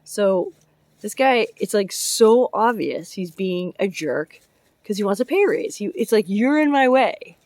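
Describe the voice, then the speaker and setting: A woman's voice: medium pitch, lively intonation, a little slow, darkish tone, no echo. A woman vlogging in a casual rambling way, hopping between topics and chatting about her chickens and her job driving dump trucks. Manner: chatty, jumps between topics, laughs often. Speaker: vlogger and public works truck driver. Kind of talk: casual rambling vlog chat.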